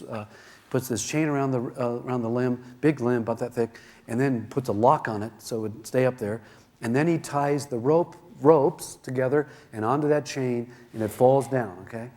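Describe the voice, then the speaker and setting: Animated man telling a seminar story. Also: medium pitch, a little fast. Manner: animated, acts out the voices in his stories. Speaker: seminar speaker. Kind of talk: self-help seminar storytelling.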